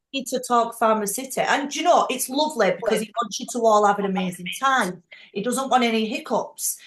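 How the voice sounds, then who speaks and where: A woman leading a group call, chatty and frank, quick to laugh. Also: on the high side, fairly bright tone, reverberant. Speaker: team leader hosting a group call. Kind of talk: casual chat.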